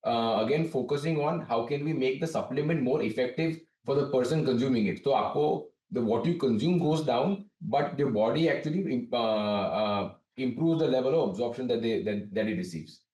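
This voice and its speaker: Male company director, measured explainer, dark tone, heard far off in an echoey room. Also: medium pitch. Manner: measured, explanatory, frequent restarts. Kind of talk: business interview answers. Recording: distant, roomy remote link.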